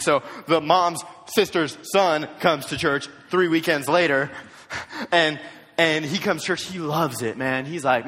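A young man giving a storytelling youth sermon, jokey and animated, acting out what others said in quick put-on voices. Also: fairly high pitch. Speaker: youth speaker. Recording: long hall reverb.

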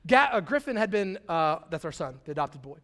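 A man's voice: a little high, big pitch swings, a little fast, sharp tone. A man, preaching a sermon as a pastor and telling a personal story in a casual, slangy way, acting out quotes with big swings in volume.

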